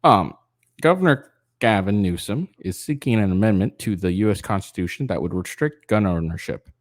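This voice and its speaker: A man's voice: fairly low pitch, lively intonation, moderate pace, no room sound, studio quality. Tired, profane man ranting casually. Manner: rambling, profane, frequent fillers and restarts. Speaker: political commentary channel host. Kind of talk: casual reading of a news article with rants.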